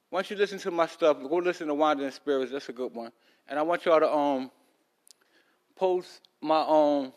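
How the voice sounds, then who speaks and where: Guy on his podcast just rambling, kinda high voice, talking around a loose tooth, lots of fillers. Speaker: podcast host. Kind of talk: casual rambling storytelling.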